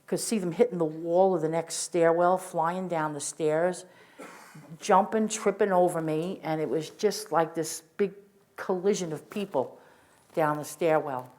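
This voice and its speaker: A woman's voice: fairly low pitch, a little slow, darkish tone. An older woman telling her own story as personal testimony, earnest and vivid, often restarting her sentences. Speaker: witness sharing testimony. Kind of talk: first-person spoken testimony.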